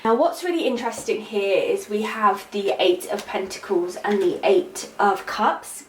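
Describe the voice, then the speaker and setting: A woman giving a tarot reading in a monologue. She speaks intuitively, pauses with fillers, and repeats key words for emphasis. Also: medium pitch, echoey room, a little hiss or hum, rough recording. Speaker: tarot reader.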